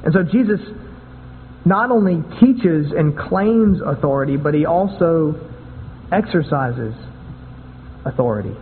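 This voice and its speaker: A man's voice: fairly high pitch, lively intonation, unhurried, long pauses, a little hiss or hum. A man preaching a sermon in a conversational way, often repeating and restarting words. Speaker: pastor. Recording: tinny phone-like sound with long hall echo.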